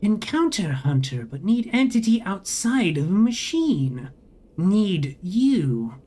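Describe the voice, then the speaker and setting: Streamer putting on a creepy multitone vending machine voice, slow broken words, kinda ominous. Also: medium pitch, sing-song, mellow. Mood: urgent. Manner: slow, halting broken phrasing. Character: eerie multitonal vending machine, cryptic and urgent. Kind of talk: reading a narrative game aloud.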